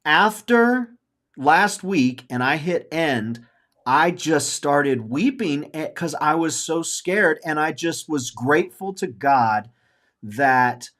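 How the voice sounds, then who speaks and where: A man's voice: on the high side, a bit bright. Earnest forty-something male podcast host. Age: 40s. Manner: earnest, openly emotional, rambling with repeated phrases. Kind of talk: casual podcast chat.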